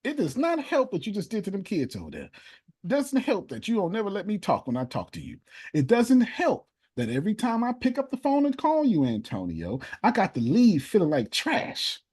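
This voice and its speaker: A business coach and motivational speaker with a high, darkish voice, a breathy edge, and huge pitch swings talks at a moderate pace. He coaches a group live on a video call, animated and preachy, using conversational grammar and repeating points for emphasis.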